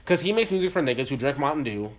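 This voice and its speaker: Fast-talking young man, animated and profane. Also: a little high. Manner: animated, profane, acts out voices in his stories. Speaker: podcast co-host. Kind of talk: casual chat.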